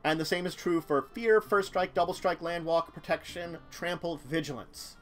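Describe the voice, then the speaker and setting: A man's voice: on the high side, normal speed. A man casually commenting on a live stream about a card-game deck, rambling and talking to his chat. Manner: rambling, chatty, talks to chat, chuckles.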